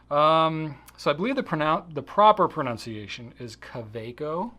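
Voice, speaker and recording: A man's voice: medium pitch, fairly bright tone. A middle-aged man hosting a casual video Q&A, chatty and self-deprecating, with lots of fillers. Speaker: host answering viewer questions.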